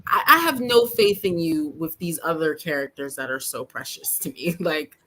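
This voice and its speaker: Bright-voiced woman, opinionated. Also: low-pitched, huge pitch swings, moderate pace. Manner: opinionated, laughs often, trails off. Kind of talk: casual chat.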